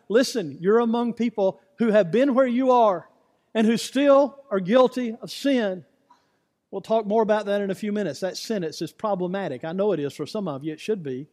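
A man's voice: high-pitched, a little mellow. A man preaching a sermon as pastor, emphatic and repetitive, asking the congregation rhetorical questions. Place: church sanctuary. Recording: church hall with long reverb.

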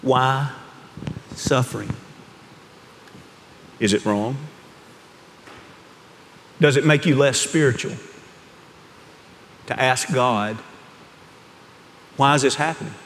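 A man preaching a sermon, telling stories in a hushed voice that rises to fervent emphasis. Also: medium pitch, slow pace, long pauses, slight background noise. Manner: storytelling, swings from hushed to rising fervor. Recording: long hall reverb.

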